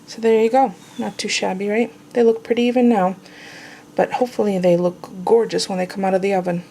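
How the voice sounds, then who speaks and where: A woman's voice: medium pitch, steady tone, a little fast, mellow, slight background noise. Chatty woman baking on camera. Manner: chatty, self-teasing, talks while tasting. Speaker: home cooking vlogger. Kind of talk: casual cooking demonstration. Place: home kitchen.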